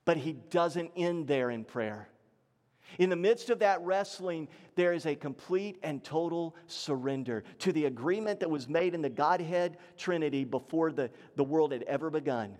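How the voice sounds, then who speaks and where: A male pastor preaching a sermon, swinging between raised emphatic lines and low, hushed ones. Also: animated, moderate pace, in a large hall.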